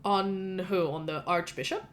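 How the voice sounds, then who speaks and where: A woman's voice: on the low side, steady tone, unhurried. A woman runs a tabletop role-playing game, narrating the scene casually. She talks in a loose, chatty way with frequent fillers and restarts. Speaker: game master.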